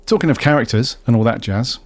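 A man hosting a casual podcast, relaxed and steering the talk along. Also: medium pitch, fast, slight background noise. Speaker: podcast host. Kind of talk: casual chat.

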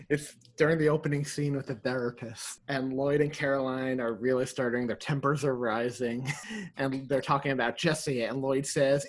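A man's voice: medium pitch, normal speed. A man co-hosting a podcast, chatting casually and acting out movie quotes with energy. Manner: animated, acts out quotes. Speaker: podcast co-host. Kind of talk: casual chat.

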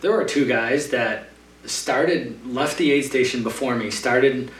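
A man's voice: mid-range voice, a little slow. Rambling man telling a race story. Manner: rambling, filler-heavy storytelling. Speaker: trail runner guest. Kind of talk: casual storytelling in a podcast interview. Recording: roomy, distant mic with faint hum.

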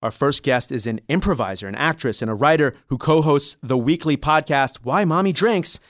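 A man's voice: medium pitch, normal speed, fairly bright tone, no room sound, studio quality. A middle-aged man from New York hosting a casual podcast, joking and self-deprecating, often tripping over his words. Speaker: podcast host and judge.

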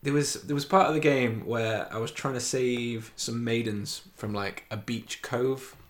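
A man in casual podcast chat, rambling through a story and laughing easily. His voice sits at an ordinary middle pitch, and his telling is loose and chatty. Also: fairly even intonation, unhurried. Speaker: podcast co-host.

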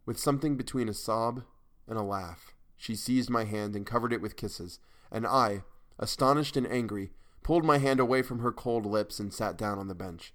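A man's voice: on the low side, moderate pace, fairly bright tone. A man giving a dramatic first-person reading of a weird tale. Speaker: audiobook narrator. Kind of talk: scripted narration of a weird tale.

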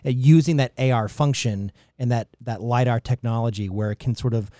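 A man's voice: medium pitch, a little fast, warm tone, no echo, clean studio sound. A man co-hosting a podcast, chatting casually in a rambling, jokey way that trails off mid-sentence. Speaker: podcast co-host.

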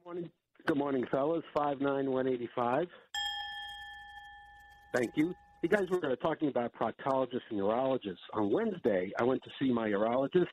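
A man calling in to a radio show, telling a story slowly and drily. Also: mid-range voice, darkish tone, lo-fi sound, a little hiss or hum. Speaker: caller. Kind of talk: phone-in call to a radio show.

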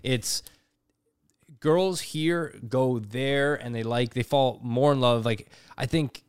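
A man with a Canadian accent hosting a casual podcast chat, joking and animated, quick to laugh. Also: medium pitch, clear, resonant tone, dry recording, clean studio sound. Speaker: podcast host.

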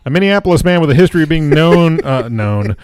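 A man's voice: on the high side, expressive, fast talker, a little mellow, smooth, no echo, studio quality. A man co-hosting a casual talk show, reading odd news items with jokes and stumbling over names, tired. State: tired, holding back yawns. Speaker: radio co-host.

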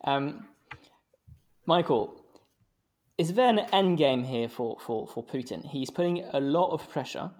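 Measured male panel moderator. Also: medium pitch, lively intonation, darkish tone. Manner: measured, explanatory questioning. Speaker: host, moderator.

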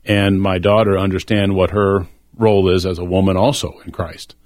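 A man's voice: deep voice, flat delivery, normal speed, darkish tone, dry recording. A middle-aged man talking earnestly and reflectively on a faith-based discussion show.

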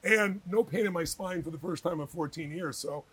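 A man's voice: a little high, moderate pace, fairly bright tone, breathy edge, dry recording. A middle-aged man telling stories with energy and emphasis as an interview guest, acting out the people he quotes. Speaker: guest, author and speaker. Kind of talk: animated interview storytelling.

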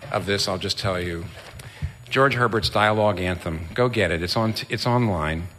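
A man's voice: lowish voice, pushed and bright, big-room sound. A man preaching a sermon as a pastor, impassioned and rising to fervent emphasis.

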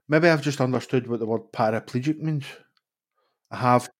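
A Scottish man hosting a casual podcast chat, relaxed and jokey, with the odd swear. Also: mid-range voice, normal speed. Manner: relaxed, chatty, swears and jokes about. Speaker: podcast host.

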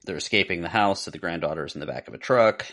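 Man, very deep voice, podcast co-host, casual film chat, rambling with fillers. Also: quick pace, fairly bright tone. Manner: rambling, many fillers and restarts. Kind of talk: casual movie review chat.

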